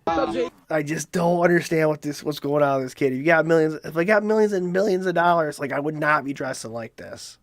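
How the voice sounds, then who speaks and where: A man's voice: a little high, brisk, dry recording. A man hosting a comedic commentary show, ranting in disbelief and swearing freely. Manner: incredulous, swearing rant. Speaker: show host.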